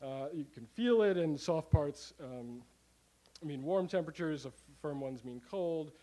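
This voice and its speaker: Excitable man doing a comic talk. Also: on the high side, a little slow, rough recording. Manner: animated, rambling, with frequent fillers and swearing. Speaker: comedic presenter. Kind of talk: live comic talk to an audience.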